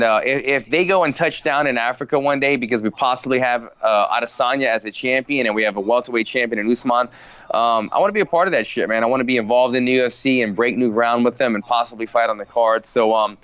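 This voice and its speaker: A man guest on a podcast, chatting casually, relaxed, repeating words and saying "man" a lot. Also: medium pitch, smooth, no echo, highs cut off. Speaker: guest fighter. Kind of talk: casual interview chat.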